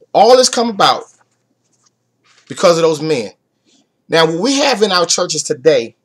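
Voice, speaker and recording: Man, high-pitched, Bible class teacher on online talk radio; reads a verse, then asks questions and drives the point home. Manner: reads scripture aloud then explains it with rhetorical questions; swings from soft asides to emphatic raised points. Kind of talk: preaching Bible study.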